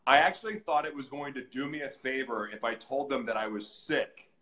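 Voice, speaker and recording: A man speaks as a guest on a live podcast, candid and earnest as he tells his own story. His voice is bright and forceful, and he leans hard into the retelling. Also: medium pitch, a little fast, poor audio. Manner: earnest, animated, acts out shouted voices in retelling. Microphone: live stream, reads comments on screen.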